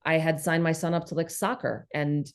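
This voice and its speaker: A woman in her thirties with a New York accent, originally from the former Soviet Union, chatting as an interview guest in an animated, emphatic, blunt way. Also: sits low, normal speed, clear, resonant tone. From former Soviet Union, raised in New York City. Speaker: guest, comedian and content creator. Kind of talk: casual interview chat.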